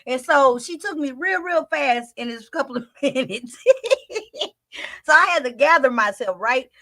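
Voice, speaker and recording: Lively high-voiced woman reacting to clips. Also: moderate pace. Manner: chatty, addresses viewers directly, laughs often. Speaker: reaction video host. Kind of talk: casual reaction commentary.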